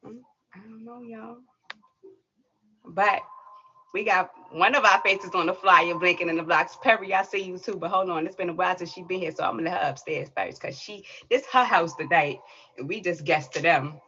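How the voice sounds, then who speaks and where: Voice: medium pitch, moderate pace, bright, forceful tone. The host of a poetry livestream, speaking casually, playful and teasing. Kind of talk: casual live stream hosting. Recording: dull lo-fi audio with faint noise.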